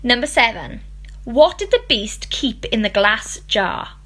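A woman teacher reading out fairy tale quiz questions and answers, slow, clear and expressive. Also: a little high.

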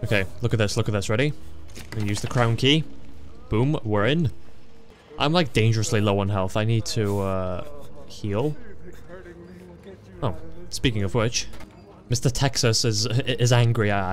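A man's voice: fairly low pitch, moderate pace, pauses often. Jumpy young man playing a horror game. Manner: jumpy, excitable, joking reactions with frequent swearing. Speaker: gaming video creator. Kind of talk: casual gameplay commentary. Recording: faint game music behind.

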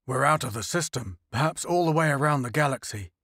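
A man playing a thoughtful ship officer in an audiobook, working through ideas aloud at a middle pitch. The recording is dry. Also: animated, brisk, a bit bright, no echo. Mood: musing.

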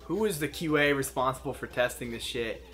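A man's voice: mid-range voice, a little fast, a bit bright, soft background music. A man ranting profanely while playing a video game, in casual commentary. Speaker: host and player.

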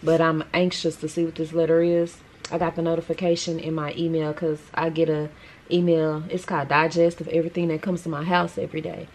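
A woman's voice: low voice, flat delivery, a little fast, a little mellow, slight background noise. A woman hosting her own vlog, chatting casually and informally to the camera as she goes about her day. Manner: chatty, informal, Southern-style slang. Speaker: vlog host.

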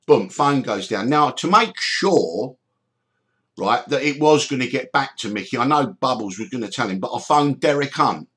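A middle-aged man hosting a podcast, telling stories in an animated way, swearing freely and acting out the people he quotes. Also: mid-range voice, normal speed. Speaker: podcast host. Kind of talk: storytelling chat.

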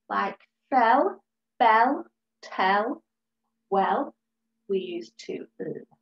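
A woman teaching a recorded phonics lesson to young children, sounding out words slowly and clearly. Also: fairly high pitch, highs cut off. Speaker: reception class teacher.

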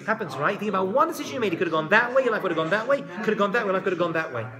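A man giving a lively lecture that retells a biblical story, talking conversationally and dropping joking asides. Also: high-pitched, rapid-fire, crowd noise. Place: live talk before an audience. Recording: live talk with audible audience.

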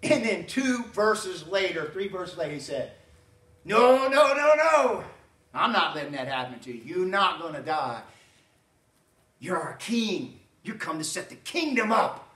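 A man pastor, preaching a folksy, animated sermon with frequent asides to the congregation. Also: a little high, moderate pace. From Southern United States. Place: church sanctuary. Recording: roomy church sound from a distance.

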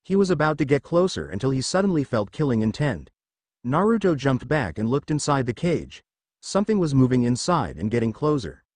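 A man narrating a fan fiction story in an animated reading voice. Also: mid-range voice, brisk, no room sound. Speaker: fanfiction reader.

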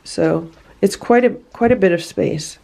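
Woman vlogger with a slightly gravelly voice. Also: fairly low pitch, animated, measured pace, mellow. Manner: soothing, coaxing baby talk to a trapped cat. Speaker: cat rescuer vlogger. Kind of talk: casual vlog narration and talking to a cat.

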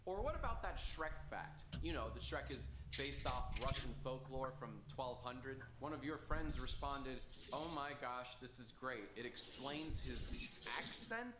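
A man's voice: medium pitch, animated, a little slow, roomy sound, noisy background. A man reading a scripted comedy narration in a playful, mock-incredulous manner. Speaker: video narrator.

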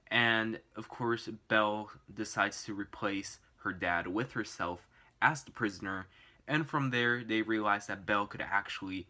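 Bright-voiced young man reviewing a film. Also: lowish voice. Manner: enthusiastic, rambling with fillers. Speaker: movie reviewer. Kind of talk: casual movie review.

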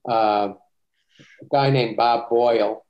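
A male author giving a measured interview answer, pausing often with uhs. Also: medium pitch, steady tone, highs cut off. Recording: roomy echo.

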